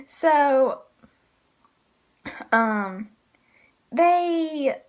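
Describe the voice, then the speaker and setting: A woman's voice: high-pitched, animated, drawn-out words. A woman casually reviewing manga chapters, rambling with lots of ums and likes and laughing often.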